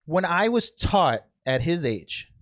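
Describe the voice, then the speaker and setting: Young podcast guy, kinda high voice, firm, explains stuff point by point. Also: very animated, slow. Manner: emphatic, lays out points step by step. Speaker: podcast co-host. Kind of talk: casual group chat.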